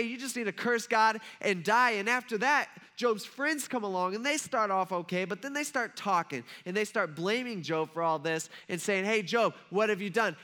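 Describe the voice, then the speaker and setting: A man's voice: high voice, bright, forceful tone. A man preaching a sermon, retelling a scripture story in a conversational way with rhetorical asides to the listeners. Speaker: pastor.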